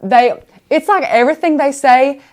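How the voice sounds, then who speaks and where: A woman's voice: high-pitched, moderate pace, darkish tone. A woman hosting a casual craft live stream, chatty and rambling as she talks viewers through the steps.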